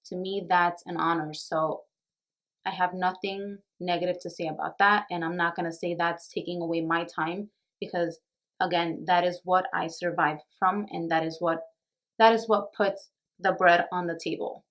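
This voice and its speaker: A woman's voice: lowish voice, steady tone, normal speed, a bit bright. A young woman who works as a makeup artist and beauty vlogger, talking to the camera in an earnest, reflective way, a little nervous and emotional. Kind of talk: casual talk to camera.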